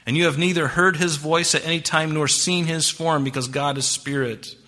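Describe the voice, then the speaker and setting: A man preaching a sermon with a bright, forceful tone. He reads scripture aloud, presses key words hard, then drops to a hush. The delivery stays expository and earnest. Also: a little high, steady tone, normal speed. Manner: swings between emphatic rises and hushed drops. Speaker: pastor.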